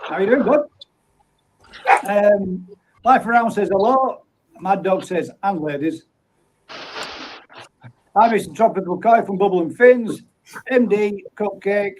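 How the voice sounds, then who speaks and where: Higher-voiced man hosting a live chat. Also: lively intonation, slow pace, long pauses, darkish tone, a little hiss or hum, rough recording. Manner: friendly, easygoing, greets people by name. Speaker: livestream host. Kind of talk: casual live chat, reading out viewer comments.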